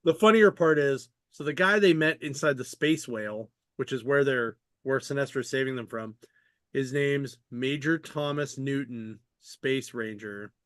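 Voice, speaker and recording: A man's voice: mid-range voice, measured pace, a bit bright, dry recording, clean studio sound. Rambling casual podcast man. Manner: rambling, filler-heavy, swears freely. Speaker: podcast host. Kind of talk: casual chat.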